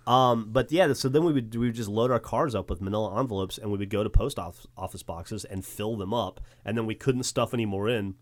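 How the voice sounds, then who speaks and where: A man talks quickly and freely in a casual podcast chat, spinning animated anecdotes. He acts out the people in his stories as he goes. The sound is close and dry. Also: fairly low pitch, dry recording. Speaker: company co-founder on a podcast.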